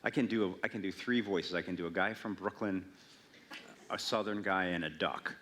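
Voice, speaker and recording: A man speaking a little low in pitch answers audience questions at a library event. He is casual and wry, and he jokes about himself as he goes. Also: normal speed, a bit bright, slight background noise. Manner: wry, self-mocking humor. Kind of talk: casual Q&A talk. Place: public library event hall.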